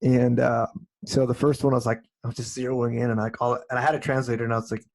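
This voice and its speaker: A man hosting a casual podcast chat, telling animated stories and laughing often. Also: medium pitch, quick pace, vocal fry. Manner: animated, jumps into quoted voices, laughs often. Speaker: podcast host.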